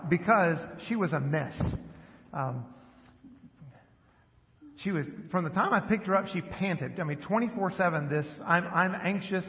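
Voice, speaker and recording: A middle-aged man with a high voice tells a story in a loose, chatty way during a church talk. His voice rings through a large hall with a long tail of reverb. The sound is dull and muffled. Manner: relaxed, conversational, self-deprecating with small laughs. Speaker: preacher.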